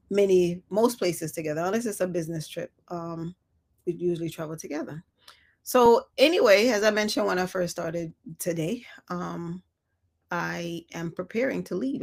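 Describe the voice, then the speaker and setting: A woman hosting a live reflective talk, speaking softly and thoughtfully, with small laughs between her thoughts. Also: on the low side, gravelly. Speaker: host.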